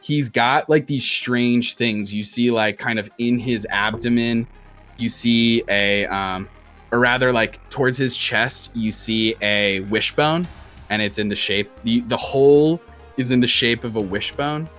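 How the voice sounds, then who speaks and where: A young man narrates a tabletop game as dungeon master, keeping it loose and casual with lots of fillers. His medium-pitched voice is unhurried and fairly bright, and faint music plays behind him.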